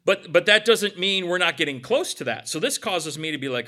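A man's voice: high voice, lively intonation, fairly quick, hardly any pauses, pushed and bright. A middle-aged man preaching a sermon as pastor, conversational, with casual asides between scripture readings.

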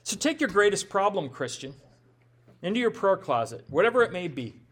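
A man's voice: high-pitched, very animated, normal speed, fairly bright tone. A male pastor preaching a sermon in a conversational way, with rhetorical questions and self-deprecating humor.

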